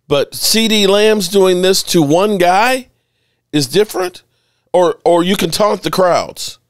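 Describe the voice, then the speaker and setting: Animated, indignant sports podcast host. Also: male voice, sits high, slow pace, no room sound, studio quality. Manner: animated, indignant, repeats himself. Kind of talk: ranting sports commentary over game clips.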